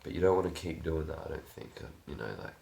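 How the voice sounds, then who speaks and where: A man's voice: very deep voice, fairly even intonation, fast talker, creaky, darkish tone. A man talking casually in a reflective self-help vlog, earnest and coaching, swearing freely.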